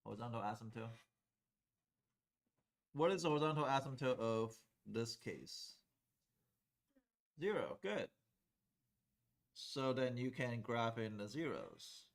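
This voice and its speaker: A man's voice: medium pitch, very animated, takes it slowly, vocal fry, pauses often. Man teaching calculus to a class. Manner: conversational, checks in with students often. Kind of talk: classroom lecture at a whiteboard.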